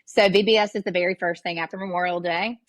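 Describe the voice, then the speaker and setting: A woman's voice: fairly low pitch, fairly even intonation, quick pace, dry recording. A middle-aged woman, a children's ministry leader, talking in an upbeat, enthusiastic way in a casual chat. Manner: upbeat, enthusiastic, says "like" a lot.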